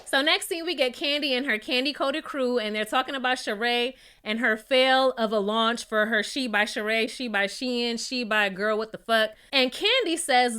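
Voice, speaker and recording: Sassy woman dishing on reality tv, bright clear voice, a bit high, laughs a lot. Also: normal speed, hardly any pauses. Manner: sassy, gossipy, laughs often. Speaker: reality TV reviewer. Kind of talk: casual commentary.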